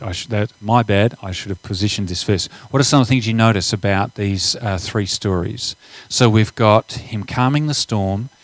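A man's voice: fairly low pitch, no room sound, low-quality recording. A middle-aged man preaching a sermon, chatting casually over slides and then reading scripture aloud with rising emphasis. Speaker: pastor.

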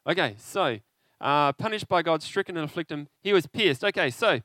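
A man preaching an interactive sermon, animated and conversational, often asking his listeners questions. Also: fairly high pitch, normal speed, no room sound.

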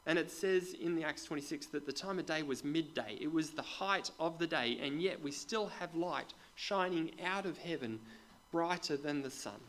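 A man preaching a sermon to a congregation in a conversational way, putting questions to the listeners and dropping into quiet asides. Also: fairly high pitch, normal speed, slight background noise, low-quality recording. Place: church with a congregation.

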